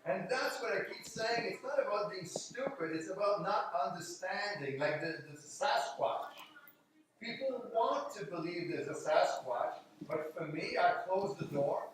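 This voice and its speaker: A man's voice: high voice, animated, measured pace, a little hiss or hum. A man in casual conversation, talking in an emphatic, skeptical way and acting out what other people say. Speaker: conversation partner. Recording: very echoey room, voice from far off the mic.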